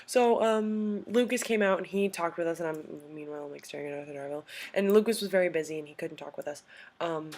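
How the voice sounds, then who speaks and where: A young adult woman telling a story in a casual vlog, gushing and excitable, full of "like" and "um". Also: sits low, a little fast. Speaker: vlogger.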